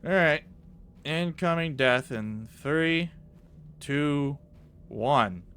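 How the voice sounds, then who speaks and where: A man commentating as he plays a horror game, jumpy and animated, swearing under his breath at scares. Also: fairly high pitch, very slow, a little hiss or hum. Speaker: gaming YouTuber.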